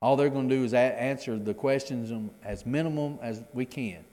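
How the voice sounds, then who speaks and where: A man's voice: medium pitch, normal speed, mellow, long reverb tail. A middle-aged man teaching a Bible class in a conversational way, often repeating his words as he explains the reading. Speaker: preacher.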